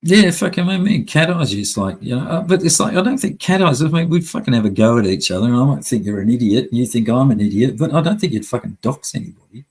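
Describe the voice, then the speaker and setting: Male streamer, husky, blunt and profane, venting to chat. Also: medium pitch, lively intonation, fast talker, hardly any pauses, darkish tone, poor audio. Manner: heavy swearing, angry and blunt. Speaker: live stream host. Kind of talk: casual live-stream rant.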